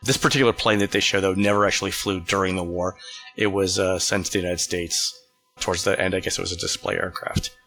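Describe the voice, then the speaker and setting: A man hosting a casual talk show, explaining things in a relaxed way with fillers and restarts. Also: low-pitched, fast, soft background music. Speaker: podcast host.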